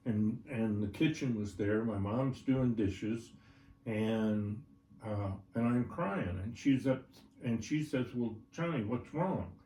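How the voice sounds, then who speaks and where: A man's voice: lowish voice, takes it slowly, mellow, a little hiss or hum. Older man telling a folksy story. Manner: folksy, checks in with "right?" and "all right?". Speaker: horse trainer guest. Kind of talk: personal storytelling in an interview. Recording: roomy, from a distance, faint ambience.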